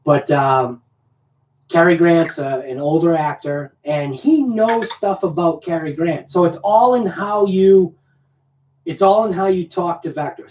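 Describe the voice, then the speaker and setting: A man rambling through a casual live stream, jokey and quick to laugh. His voice sits at a middling pitch and sounds distant and dull. The room is echoey, with faint noise behind him. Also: darkish tone. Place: room at home.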